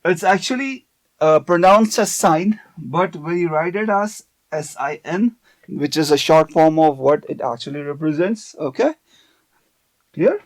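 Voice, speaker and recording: A man's voice: a little high, animated, unhurried. A man teaching a math lesson on video, explaining step by step and often checking in with "okay".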